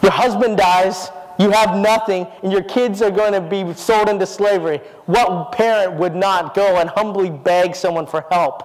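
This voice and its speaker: A man preaching in a church sanctuary, his voice pitched well above the usual for men. He speaks earnestly and keeps asking the congregation rhetorical questions. A long hall reverb trails behind every phrase. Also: steady tone, moderate pace, few pauses, slight background noise. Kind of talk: sermon.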